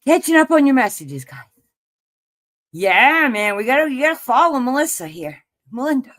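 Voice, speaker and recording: A woman's voice: high-pitched, big pitch swings, normal speed, a bit bright. A woman hosting a casual livestream as a tarot reader, out of breath and chatting with viewers. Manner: chatty, reads viewer messages aloud.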